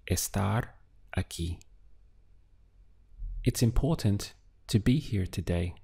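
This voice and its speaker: A man's voice: lowish voice, expressive, slow, vocal fry, warm tone, breathy edge. A man teaching a beginner language lesson, patiently prompting the learner and then giving each answer. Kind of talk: slow instructional lesson.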